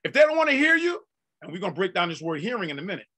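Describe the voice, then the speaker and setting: A male pastor delivering a sermon in folksy, conversational talk that breaks into shouted peaks and drawn-out emphasis. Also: high voice, sing-song.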